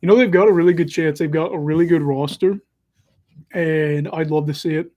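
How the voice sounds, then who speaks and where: A man's voice: on the high side, steady tone, fairly quick, dark tone. A young man hosting a casual livestream, calling hockey play as he watches and chatting between moments in a self-deprecating way. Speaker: livestream host and hockey commentator.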